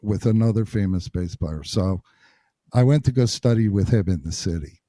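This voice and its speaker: Casting: low, very dark male voice, lively storyteller guest, dry sound. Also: normal speed, dry recording. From New Jersey. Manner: animated storyteller acting out quotes. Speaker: guest bassist. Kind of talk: storytelling interview.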